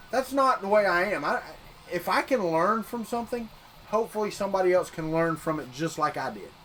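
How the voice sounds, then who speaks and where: A high-voiced man with a Southern US accent, from Florida, talks loosely to his livestream viewers about 3D printing. He rambles and often restarts or repeats words as he works at his printer. A faint hum of room ambience sits behind him. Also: fairly bright tone. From Florida, United States. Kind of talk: casual live-stream chat.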